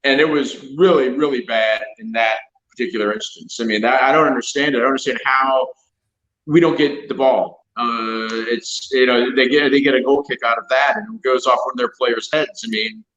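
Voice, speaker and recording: Middle aged guy, sharp voice, keeps stumbling over his words, echoey room, muffled sound. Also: mid-range voice, steady tone. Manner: halting, repeats words, exasperated. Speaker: co-host. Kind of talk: casual fan show banter.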